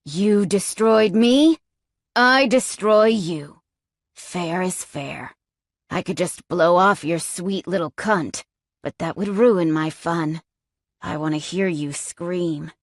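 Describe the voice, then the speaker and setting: A woman voicing a sadistic, taunting male captor in an audiobook, speaking in low, slow, menacing tones. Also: dry recording, studio quality.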